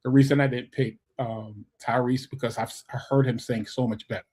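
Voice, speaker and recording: Husky animated New York man co-hosting. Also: mid-range voice. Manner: animated, reads live comments aloud, quick exclamations. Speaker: podcast co-host. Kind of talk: casual podcast chat.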